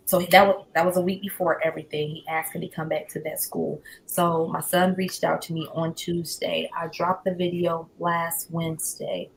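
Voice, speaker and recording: A woman's voice: fairly low pitch, vocal fry, slight background noise, poor audio. A woman, calling into a livestream as a guest and earnestly telling how things went with her son, quoting each conversation word for word. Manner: earnest, retells conversations word for word, rises when upset. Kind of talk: emotional personal account on a livestream. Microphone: remote call into a livestream.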